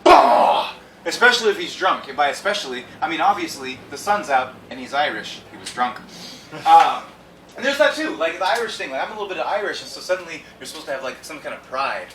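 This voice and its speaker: A man runs a live improv set, ranting with a lively, sharply bright voice that swings up into shouted punchlines. He sounds slightly high for a man. The sound is roomy and distant, with a faint hiss behind it. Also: fast talker. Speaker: improv host. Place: comedy venue with audience. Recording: echoey room from far off, faint noise.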